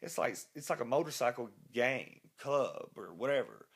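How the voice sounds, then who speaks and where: A man's voice: medium pitch, lively intonation, moderate pace, breathy edge. A man, a rock musician being interviewed, telling a rambling, profane anecdote full of restarts. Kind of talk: casual storytelling interview.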